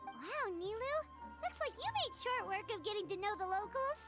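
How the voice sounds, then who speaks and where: Paimon, a tiny chirpy fairy companion. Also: female voice, very high voice, animated, normal speed. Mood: eager. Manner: chirpy, talks about herself by name. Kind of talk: game cutscene voice acting. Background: playful game music.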